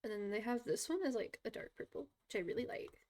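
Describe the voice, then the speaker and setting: A woman's voice: on the high side, quick pace, darkish tone. A young woman streaming live from her computer, chatting casually and rambling with frequent giggles as she draws. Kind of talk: casual live-stream chat while drawing.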